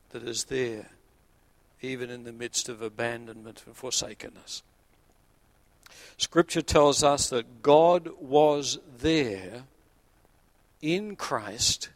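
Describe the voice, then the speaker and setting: A man, a pastor delivering an earnest sermon that swells to emphatic peaks and sinks to quiet low points. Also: no room sound. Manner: earnest preaching, rising to emphatic peaks then dropping low.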